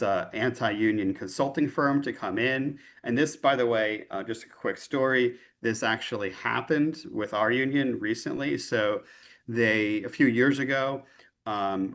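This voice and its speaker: A man giving a lecture over a video call at an ordinary, middle pitch. He speaks loosely and conversationally, often checking in with his listeners with a tag question. He sounds like a physician union leader explaining his work. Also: a bit bright.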